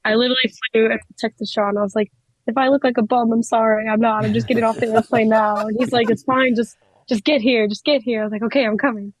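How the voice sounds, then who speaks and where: A young woman in her twenties, a wrestler telling stories in a casual interview, excitable and giggly with lots of fillers. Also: on the high side, fast talker, no room sound, low-quality recording. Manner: excitable, giggly, many likes. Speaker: wrestler, guest.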